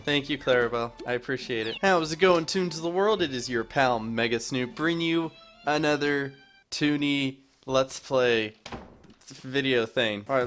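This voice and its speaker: A man's voice: mid-range voice, lively intonation, normal speed, a bit bright, faint music behind. A young man recording chatty Let's Play commentary as a gaming YouTuber, rambling and self-mocking as he jokes with his viewers.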